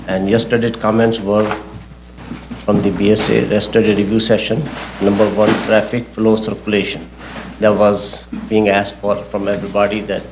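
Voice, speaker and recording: A man, the project engineer, presenting his case at a public zoning hearing in a halting, technical way, often repeating himself. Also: fairly low pitch, a little mellow, a little hiss or hum.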